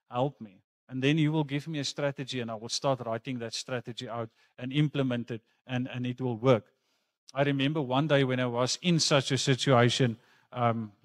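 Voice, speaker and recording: A man preaching a sermon in a church, talking earnestly and conversationally and mixing in personal stories. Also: mid-range voice. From South Africa. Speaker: pastor.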